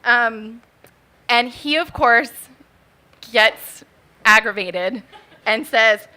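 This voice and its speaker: A woman in her thirties tells a true story on a bar stage, talking into a mic. She sounds nervous and chatty, and her many fillers keep her casual. Her voice is bright and fairly high. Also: drawn-out words, long pauses. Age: 30s. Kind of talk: live spoken storytelling. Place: bar stage at a live event.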